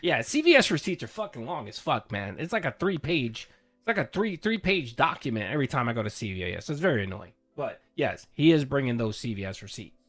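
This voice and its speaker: A man giving casual, animated commentary while reacting to a recorded debate, laughing and swearing. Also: mid-range voice, a little fast. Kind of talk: casual commentary over a clip.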